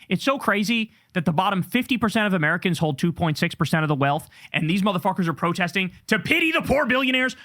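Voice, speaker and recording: A man's voice: high voice, animated, fast talker, hardly any pauses, sharp tone. A man hosting a political show, ranting angrily with heavy swearing. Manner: heated, profane, ranting. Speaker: political commentator host. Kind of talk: angry political rant.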